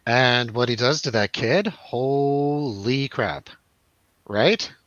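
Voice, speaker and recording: A man's voice: mid-range voice, animated, unhurried, fairly bright tone, dry recording, highs cut off. A man hosting a casual film review chat, joking and laughing often. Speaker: radio show host.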